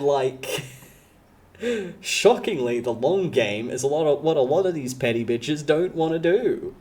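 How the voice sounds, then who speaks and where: A woman's voice: low-pitched, darkish tone. A woman chatting casually on a live stream. She rambles, swears freely and laughs often.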